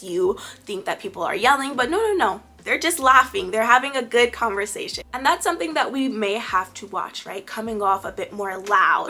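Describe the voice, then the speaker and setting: A woman's voice: medium pitch, pushed and bright. A woman giving friendly, chatty advice in a casual vlog, often checking in with "right?". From Caribbean family background. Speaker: lifestyle vlogger.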